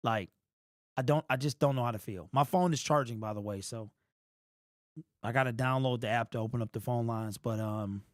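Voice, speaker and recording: A man's voice: mid-range voice, moderate pace, dry recording, clean studio sound. Emotional man ranting on a fan livestream. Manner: weary and frustrated, building to shouted rants. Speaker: sports fan livestream host.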